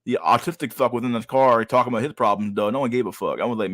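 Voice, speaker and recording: A man's voice: medium pitch, fast, few pauses, a bit bright, dry recording. Profane, ranting male streamer. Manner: profane, ranting, repeats words, says "dog" a lot. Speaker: streamer host. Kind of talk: casual chat reacting to clips.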